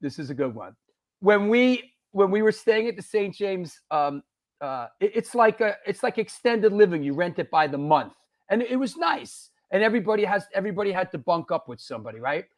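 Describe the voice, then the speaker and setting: A man on a live chat show telling a story in a casual, excited way, often laughing and calling people bro and dude. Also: high voice, fairly quick.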